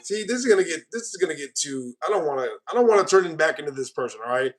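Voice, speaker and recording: Rapid-fire and animated, with a fairly high pitch, an American streamer reads viewer comments aloud in playful mock outrage, calling everyone bro. Faint music sits behind him.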